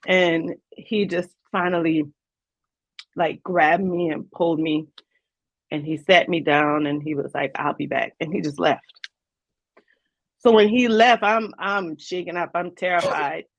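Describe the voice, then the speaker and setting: A woman speaks as an interview guest, recounting her own past in vivid, earnest detail. Her voice has a gravelly fry to it, sitting at a middling pitch. The recording is dry and a bit dull, like a lo-fi stream. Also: fairly even intonation, measured pace, no echo. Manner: earnest, vivid retelling with quoted dialogue. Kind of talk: personal storytelling in an interview.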